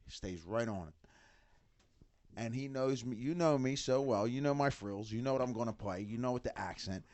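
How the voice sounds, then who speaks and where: A middle-aged man in casual podcast chat, an animated storyteller who acts out what others said. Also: medium pitch, moderate pace, dry recording. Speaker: band member, father of bandmates.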